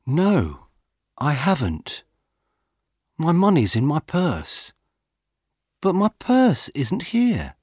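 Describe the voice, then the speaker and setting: A bewildered elderly woman, put on by a male narrator, speaks slowly in a raised, husky voice. Her lines come from a simple storybook. The sound is dry and close. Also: fairly high pitch, huge pitch swings, darkish tone, no echo, voice pushed up, exaggerated voice. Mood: flustered. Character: elderly woman, upset and confused.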